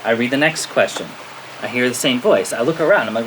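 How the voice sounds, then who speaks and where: Lively American man telling a story. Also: mid-range voice, a little fast. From United States. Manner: lively storyteller, checks in with frequent "okay?" and laughs at his own story. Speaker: spiritual teacher. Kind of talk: storytelling talk to a spiritual audience. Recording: steady rain-like background noise.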